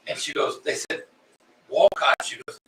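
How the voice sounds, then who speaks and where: Laid-back male co-host, mid-pitched bright voice, recorded from a distance in a roomy space. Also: brisk. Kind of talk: casual chat. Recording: roomy and distant with faint noise.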